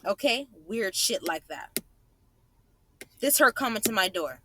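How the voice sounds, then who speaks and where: A woman's voice: mid-range voice, lively intonation, unhurried, background noise. A woman vlogger angrily commenting over her own clips, profane and repeating herself for emphasis. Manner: indignant, profane, repeats phrases.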